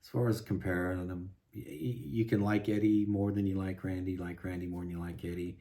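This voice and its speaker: A man's voice: sits low, level tone, brisk, dark tone. A man venting in a rambling, frustrated monologue, full of restarts and asides. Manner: frustrated, rambling, many restarts and "you know". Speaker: guitar vlogger.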